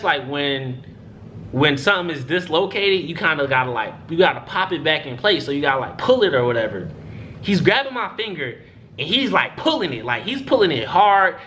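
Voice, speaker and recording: A man's voice: high voice, slight background noise. A young man telling a story in a casual, profane way, acting out what other people said. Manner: animated, profane, acts out other people's lines.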